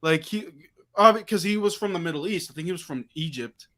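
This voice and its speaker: A man hosting a livestream, chatting casually and telling an animated story full of quoted back-and-forth dialogue. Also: sits high, a little fast. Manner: animated storyteller, quoting himself and others in reported dialogue. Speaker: livestream host. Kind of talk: casual chat.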